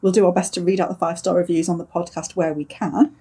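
A woman's voice: fairly low pitch, level tone, fast, dark tone, slightly rough. A middle-aged woman, co-hosting a podcast in chatty conversation and laughing often. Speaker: podcast co-host. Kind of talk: casual chat.

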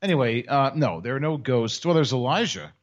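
A man's voice: mid-range voice, very animated. A man co-hosting a podcast, joking in a wry, casual chat. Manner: wry, joking, drawn-out explanations. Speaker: podcast co-host. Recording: dull lo-fi podcast audio.

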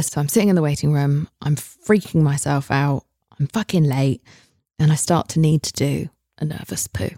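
A woman's voice: low voice, steady tone, a little fast, dark tone, no room sound, clean studio sound. A woman in her thirties with an English accent, telling a story solo on her podcast in a candid, self-mocking way, swearing freely. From England. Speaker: podcast host.

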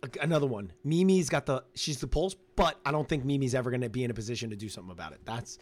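A man co-hosting a podcast, reacting to a reality show in casual chat, excitable and animated, often talking over his partner. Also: mid-range voice, rapid-fire. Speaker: podcast co-host.

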